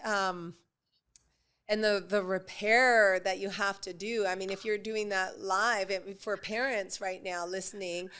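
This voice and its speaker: A woman's voice: medium pitch, fairly even intonation, a little slow, smooth. A woman hosting a casual podcast conversation who affirms her guest often and asks reflective questions. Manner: warm affirming interjections. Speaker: podcast host.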